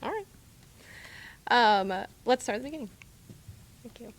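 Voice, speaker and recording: A woman's voice: on the high side, expressive, normal speed. A young woman, a student conductor, speaking politely and hesitantly at a band rehearsal. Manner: polite, hesitant, laughs nervously. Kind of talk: rehearsal talk.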